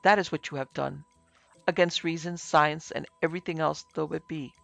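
A man's voice: on the high side, fairly even intonation, moderate pace, creaky, a bit bright, no room sound, faint music behind. A man voicing an earnest young male student who pleads with his friends.

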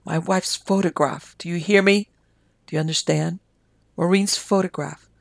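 A reader voicing a delirious army major who raves and pleads in a feverish confession, with a gravelly edge. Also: medium pitch, fairly even intonation, moderate pace, no room sound, natural voice. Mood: terrified, pleading. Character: delirious army major, guilt-ridden man.

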